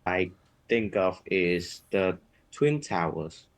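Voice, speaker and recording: Low-voiced Vietnamese man, hesitant. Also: animated, takes it slowly, low-quality recording. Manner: hesitant, reformulating mid-sentence. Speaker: test candidate. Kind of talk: speaking exam answers. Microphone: video call.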